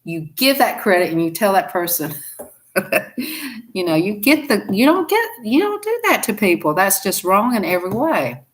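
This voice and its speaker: A woman's voice: mid-range voice, big pitch swings, normal speed. A woman with a Southern US accent, chatting folksily on a live stream and laughing often. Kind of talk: casual live-stream chat.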